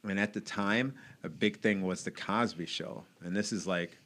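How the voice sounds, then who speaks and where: A man's voice: on the low side, normal speed, a bit bright. A man in his late thirties, an evangelist and motivational speaker, talking openly and reflectively as a podcast guest and laughing often. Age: late 30s. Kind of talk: casual chat.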